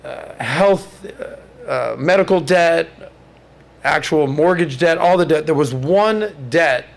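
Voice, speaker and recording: A man in his thirties hosting a casual podcast chat, telling stories in an animated way and mimicking others in high mocking voices. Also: slow pace, gravelly. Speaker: podcast host.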